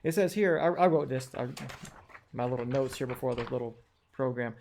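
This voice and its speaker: A man's voice: mid-range voice, fairly quick, darkish tone, slight background noise. A man giving an online lesson on checking sources, skeptical and questioning, with frequent fillers and restarts. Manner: skeptical, questioning, reads quotes aloud with wry asides. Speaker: educator explaining online research. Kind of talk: screen-share tutorial talk.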